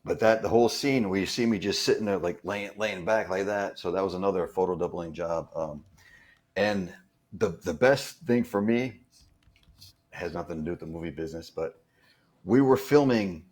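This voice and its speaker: A man with a fairly low voice tells anecdotes from a film set in a relaxed interview. He talks in a rambling way, full of fillers and restarts. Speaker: guest, stunt performer. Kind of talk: casual storytelling interview.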